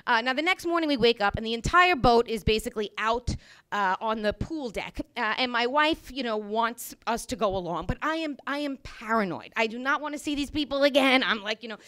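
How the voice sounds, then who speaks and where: A woman telling a comic personal story on a small bar stage, animated and wry, with lots of "you know" fillers. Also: fairly high pitch, a little fast. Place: small bar stage before a live audience.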